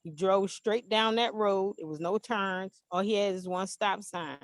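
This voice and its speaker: A mother telling an animated, emphatic story in an interview, acting out the dialogue. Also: mid-range voice, unhurried, dry recording. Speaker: interview guest, parent.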